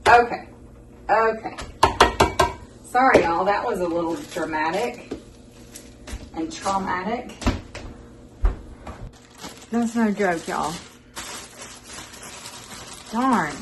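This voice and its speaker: A woman's voice: medium pitch, very slow, pauses often, noisy background. Woman hosting a home cooking vlog, chatty and folksy, recorded from across a roomy kitchen. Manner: chatty, folksy, talks to viewers as "y'all". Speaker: cooking show host. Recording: echoey kitchen, mic far off, loud kitchen clatter. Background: dishes and pans clattering.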